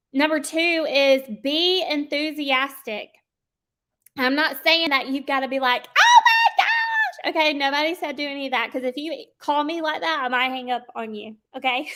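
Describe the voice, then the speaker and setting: A woman coaches a group on sales in a chatty, casual way. Her voice sits high, and she keeps checking in with her listeners as she goes. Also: pushed and bright. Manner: chatty, checks in with "okay?" often. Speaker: sales trainer.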